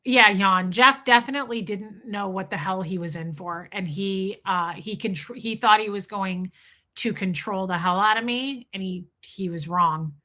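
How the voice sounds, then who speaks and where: A woman's voice: mid-range voice, a little slow, bright, forceful tone. A woman hosting a casual livestream, answering viewers in a candid, blunt way and swearing freely. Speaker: livestream host.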